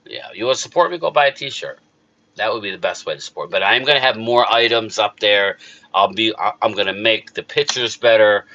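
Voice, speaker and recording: A middle-aged man with a South Jersey accent and a fairly low, pushed, bright voice, heard through a muffled recording. Hosting a casual live chat on his YouTube sports channel, he rambles emotionally and responds to chat readers.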